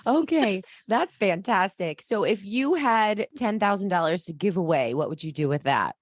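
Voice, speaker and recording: A woman's voice: medium pitch, lively intonation, normal speed, dry recording, clean studio sound. A woman hosting a podcast in a casual, upbeat and playful manner. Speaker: podcast host. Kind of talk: casual chat.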